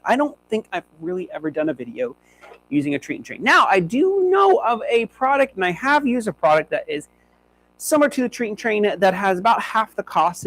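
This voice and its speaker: High-pitched and a bit bright, this young man trains dogs on a live stream, chatting cheerfully and speaking to his dogs as he demonstrates. The recording is low quality, with a faint hum behind it.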